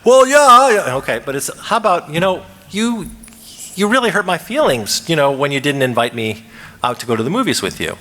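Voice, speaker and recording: A man giving a lively lecture at a conference, asking the audience questions and acting out quoted lines. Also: fairly high pitch, fairly quick. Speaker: conference speaker. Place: conference hall. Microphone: microphone. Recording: reverberant lecture hall.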